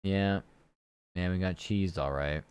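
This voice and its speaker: A man's voice: low-pitched, slow pace, darkish tone, clear, resonant tone, no room sound. A young man chatting casually on a live stream while he works, often muttering to himself.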